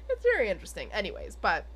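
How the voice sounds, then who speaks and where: Her voice is mid-range and fairly bright, with a little background hiss or hum. She's a young adult podcast co-host going over an episode in loose conversation, full of filler words and giggling.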